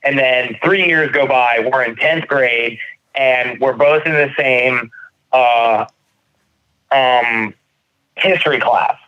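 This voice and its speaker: A man in his thirties, a podcast co-host, telling stories in casual chat, animated and swearing freely. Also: medium pitch, slow. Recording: dull lo-fi sound.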